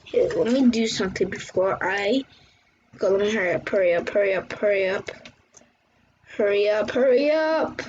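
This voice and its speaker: At normal speed and medium pitch, a woman with a slightly mellow voice chats her way through gameplay commentary on her channel, exclaiming and reacting as she plays. It's a muffled lo-fi recording carrying a faint hiss.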